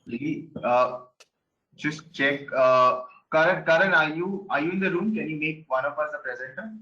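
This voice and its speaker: A man's voice: on the high side, normal speed, bright, forceful tone. Man teaching over a lo-fi call. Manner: conversational, with many fillers and repeated words. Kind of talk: online class lecture. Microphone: video call. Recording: dull lo-fi video call audio.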